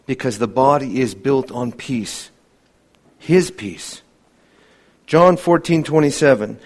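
A man preaching an evening sermon to his congregation. He pleads with fervor and swings between loud, climbing appeals and hushed, solemn lows. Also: takes it slowly, pauses often. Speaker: pastor.

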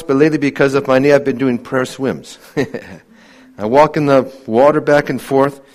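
A man preaching an evening sermon to his congregation. He pleads with fervor and swings between loud, climbing appeals and hushed, solemn lows. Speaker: pastor.

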